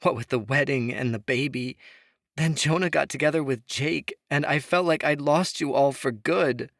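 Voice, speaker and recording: A man voicing an angry, grieving young woman in shrill, tearful outbursts. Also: moderate pace, gravelly, fairly bright tone, no room sound, clean studio sound.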